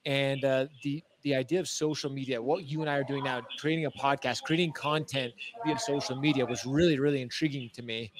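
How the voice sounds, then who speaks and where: A man in his thirties, a guest telling his career story in a casual interview, excited and slangy with many fillers and restarts. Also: mid-range voice, a little fast, few pauses, noisy background. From Utah, USA. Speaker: guest, agency founder.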